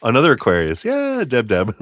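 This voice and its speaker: A man's voice: medium pitch, huge pitch swings, a little slow, fairly bright tone, dry recording, studio quality. A middle-aged man giving a chatty live-stream tarot reading, laughing often as he talks. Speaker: tarot reader.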